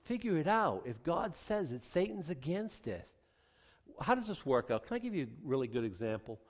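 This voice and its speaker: A man preaching a sermon, wry and animated, acting out voices for God and the kings as he reads scripture. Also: a little high, normal speed, long reverb tail. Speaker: pastor.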